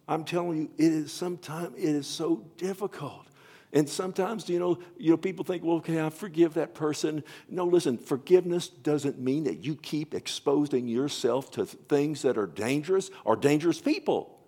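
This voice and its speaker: Older male preacher, gravelly and impassioned, sermon delivery. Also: a little high, moderate pace. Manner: impassioned, swinging from loud to hushed.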